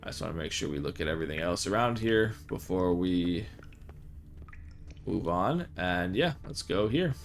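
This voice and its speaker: A man's voice: low voice, lively intonation, normal speed, gravelly, soft background music. A man hosting a let's play, talking in a rambling, easygoing way as he plays. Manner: rambling, easygoing, reads text aloud. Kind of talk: casual gameplay commentary.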